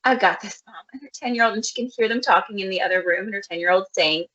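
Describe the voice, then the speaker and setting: Bright rambling woman chatting. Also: mid-range voice, rapid-fire, dull audio. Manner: rambling, many "like" fillers. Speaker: podcast co-host. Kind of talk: casual chat.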